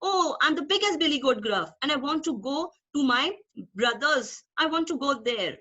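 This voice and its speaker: A woman's voice: high-pitched, lively intonation, normal speed, pushed and bright. A woman with an Indian English accent voicing the biggest male billy goat, who sounds sure of himself, on a dull lo-fi recording. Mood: confident.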